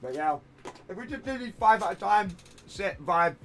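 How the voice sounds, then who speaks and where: A man's voice: high voice, expressive, normal speed, a bit bright, slight background noise. A man chatting casually on a hobby livestream from a room at home, rambling and self-deprecating while he works at his desk. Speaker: streamer.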